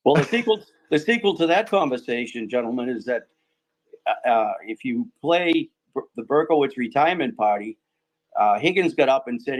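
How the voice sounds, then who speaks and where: A man's voice: mid-range voice, animated, normal speed, poor audio. A man speaking as a guest in a casual podcast discussion, hesitant, with many ums and restarts.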